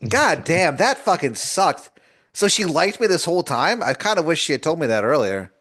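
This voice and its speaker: A man's voice: a little high, big pitch swings, normal speed, fairly bright tone, no echo, clean studio sound. A man playing along in an improvised comedy story, reacting with incredulous, swearing surprise. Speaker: player.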